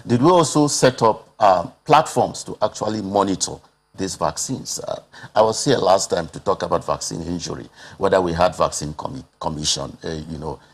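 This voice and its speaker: A man's voice: low voice, gravelly, slightly rough. A man with a Nigerian accent speaking as a public health expert on a TV panel, earnest and full of rhetorical questions, with frequent "uh" fillers. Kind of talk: TV panel discussion.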